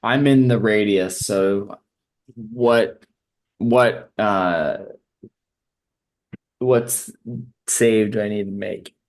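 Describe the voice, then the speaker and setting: Low-voiced guy at a tabletop game, slow, goofing around. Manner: joking, loose and rambling. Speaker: player. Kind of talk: casual tabletop game chat.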